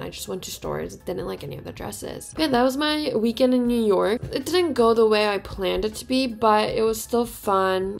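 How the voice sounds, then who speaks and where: A woman's voice: mid-range voice, creaky. A young woman chatting playfully in a casual vlog. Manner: bubbly, playful. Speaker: vlogger. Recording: background music.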